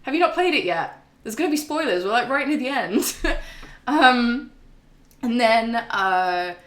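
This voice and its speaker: A woman's voice: on the high side, expressive, a little slow, a bit bright, roomy sound. A young woman streaming a game and recapping its story in a casual, chatty, sweary way. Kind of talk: casual chat.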